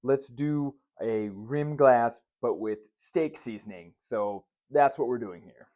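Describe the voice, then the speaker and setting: A man's voice: mid-range voice, takes it slowly, a little mellow, no room sound. A young man hosting a casual vlog, reviewing a movie and a cocktail with candid, sarcastic asides and frequent swearing. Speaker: host.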